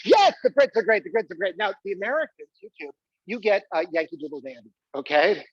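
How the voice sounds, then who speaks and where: A man's voice: high voice, very animated, fast talker, husky, no echo, highs cut off. Exuberant man performing a comic stage monologue. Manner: exuberant, squealing with delight, coaxing the audience. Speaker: solo performer. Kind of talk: live comic stage monologue with audience participation. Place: small live venue.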